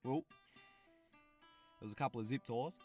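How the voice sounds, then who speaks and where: A man's voice: mid-range voice, expressive, moderate pace, darkish tone, soft background music, lightly acted. A man voicing a boastful Australian guy in a cartoon, telling a fight story with heavy swearing. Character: boastful Australian bloke telling war stories.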